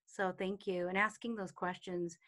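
A woman teaching about intuition and calm on a live video call, chatty, with many fillers and acted-out quotes. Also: fairly low pitch, normal speed. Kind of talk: casual talk in a live online session.

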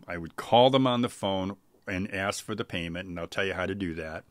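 A man's voice: sits low, a bit bright, no room sound, clean studio sound. A middle-aged man giving casual business advice, talking conversationally and often restarting his phrases. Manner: conversational, frequent restarts and repeated words. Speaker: small business coach. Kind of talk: casual advice talk to camera.

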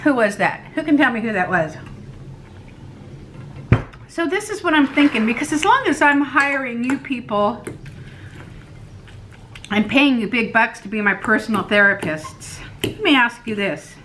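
A woman's voice: a little high, animated, unhurried, long pauses, noisy background. A woman vlogger chatting casually to camera at home, self-deprecating and laughing often.

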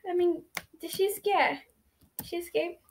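A woman giving excitable, chatty gameplay commentary, thinking aloud and pleading loudly when things go wrong. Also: very high-pitched, normal speed. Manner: thinks aloud, with frequent "let's see" and "I don't understand". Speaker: YouTuber playing an online game.

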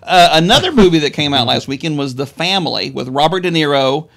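A man's voice: fairly high pitch, animated, a little fast, vocal fry, fairly bright tone. A man chatting about movies as a guest in a radio studio, joking and often stumbling over his restarts. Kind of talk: casual radio banter.

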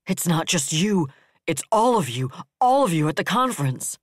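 A man playing an admiral pleading in desperation, his voice raw and strained, loud and close on a dry track. He presses hard on every word. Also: fairly high pitch, sing-song, normal speed, dry recording. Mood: desperate. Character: anguished male fleet admiral.

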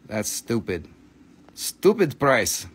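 A man's voice: fairly low pitch, big pitch swings, takes it slowly, breathy edge. A man hosting a live gemstone sale stream, calling out prices in blunt, casual patter and swearing freely.

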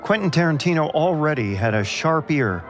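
A man narrating an audio documentary drama in a measured, storytelling delivery. His voice sits slightly higher than most men's, with light music beneath. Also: lively intonation.

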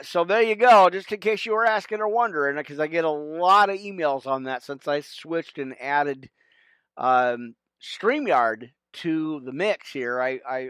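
A man's voice: on the high side, fairly bright tone, clean tone, no echo. A man, a pastor hosting his own podcast livestream, chatting casually and rambling with lots of fillers and restarts.

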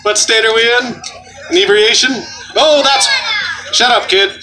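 High-voiced joking street juggler man. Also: measured pace, very noisy. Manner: joking, loud crowd-work banter. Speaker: street juggler performing for a crowd. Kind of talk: comedic stage patter. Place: outdoor festival.

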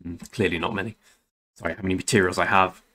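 A man's voice: deep voice, steady tone, quick pace, sharp tone. A young man hosting a gaming channel, talking casually and rambling through game commentary, often correcting himself and swearing now and then. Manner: rambling, self-correcting, chatty with mild swearing.

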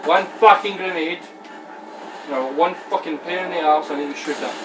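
A Scottish man playing a video game, swearing constantly and shouting at the screen. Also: fairly high pitch, brisk, distant mic, over music. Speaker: gamer playing a shooter. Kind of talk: live reactions while gaming. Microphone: camera across the room. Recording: echoey room, off-mic, background noise.

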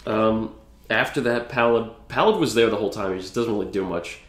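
A man's voice: lowish voice, fairly quick, echoey room. A man co-hosting a casual podcast, recapping an episode in a rambling, profane way. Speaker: podcast co-host. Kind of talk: casual chat.

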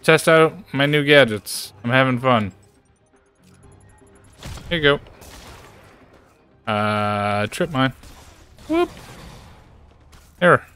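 A man giving casual gameplay commentary, excitable, playful and chatty. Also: medium pitch, slow, long pauses, smooth, soft background music. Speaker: gaming streamer.

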